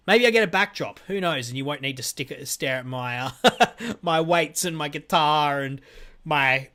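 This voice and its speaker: A man's voice: medium pitch, sharp tone. Chatty man hosting his own podcast. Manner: chatty, rambling with fillers and restarts. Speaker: podcast host. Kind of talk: casual solo podcast sign-off. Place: home room with weights and a guitar.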